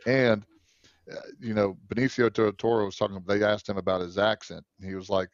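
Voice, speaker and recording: A man with a low voice chats loosely about a film, piling up fillers and restarts. His voice sits dry and close, with no room around it, and the sound is a little dull and muffled. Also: level tone, fairly quick, dry recording. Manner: rambling, many fillers and restarts. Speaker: podcast co-host. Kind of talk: casual movie review chat.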